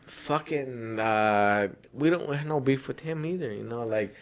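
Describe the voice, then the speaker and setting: A man's voice: medium pitch, unhurried. A man hosting a podcast, telling a story in loose, profane, rambling casual chat. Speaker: podcast host.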